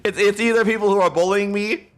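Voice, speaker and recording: This man speaks fast, with a high-pitched, steady tone, while streaming a game live from his room through a close desk mic. It's casual live-stream chatter, full of playful giggling and frequent laughter.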